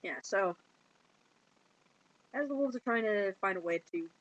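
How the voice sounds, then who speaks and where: A woman retelling a film plot in casual chat, giggling and slipping into quick put-on voices for the characters. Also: mid-range voice, expressive, no room sound, highs cut off. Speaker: movie reviewer.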